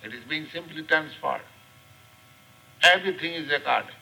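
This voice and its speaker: An older man with an Indian accent giving a scripture class lecture, speaking slowly and deliberately with many pauses and fillers. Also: on the high side, vocal fry, sharp tone, poor audio. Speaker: spiritual teacher. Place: class room.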